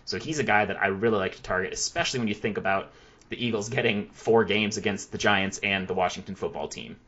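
A man hosting a podcast, brisk and analytical as he breaks things down. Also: lowish voice, a bit bright, slightly rough, muffled recording. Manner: brisk, analytical, quick delivery. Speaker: podcast host. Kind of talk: casual podcast chat.

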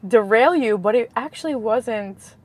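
A woman from Queens, New York, chatting as a guest, an animated storyteller who acts out the dialogue in her stories and laughs often. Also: on the high side, a little slow, a little hiss or hum, poor audio. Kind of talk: casual chat. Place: in a car.

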